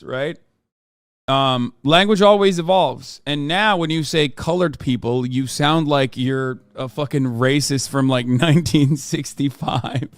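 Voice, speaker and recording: A man from the United States, streaming and reacting to a video and chat in a profane, animated rant. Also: on the high side, clean tone, dry recording, studio quality. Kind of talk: casual live-stream reaction and chat replies.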